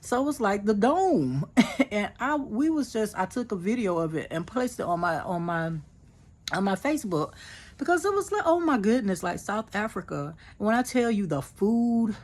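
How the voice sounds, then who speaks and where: A woman's voice: medium pitch, a little mellow. A woman from the United States, telling an earnest, emotional story about her mission trip in a casual vlog, with many fillers and restarts.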